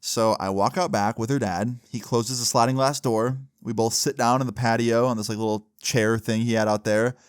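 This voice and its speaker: A young man narrating a personal story in a chatty, laid-back way. His voice sits at a middling pitch, close to the mic in a dry, dead-sounding recording. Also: steady tone, moderate pace, few pauses, clean tone, no echo. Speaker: YouTuber storyteller.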